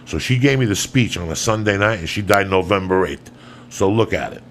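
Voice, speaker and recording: A man hosting a podcast, telling a long personal story in casual, profanity-laced talk, swinging between loud bursts and hushed asides. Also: low voice, brisk, slight background noise. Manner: profane, animated storyteller who drops to hushed tones for quotes. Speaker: podcast host.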